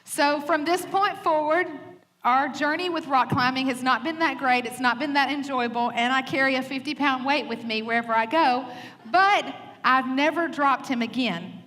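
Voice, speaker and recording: A woman pastor telling a funny story in a sermon, animated, laughing often and acting out quoted lines. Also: high voice, normal speed. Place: church stage. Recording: reverberant hall with faint noise.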